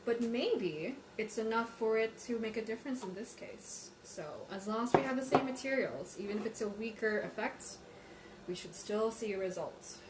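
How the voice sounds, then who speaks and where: Woman thinking out loud at a tea tasting livestream, mid pitch, echoey room, a bit of hum behind. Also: moderate pace. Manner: thinking aloud, musing, comparing tastes. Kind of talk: live tasting chat, reading viewer questions. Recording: roomy livestream audio with faint ambience.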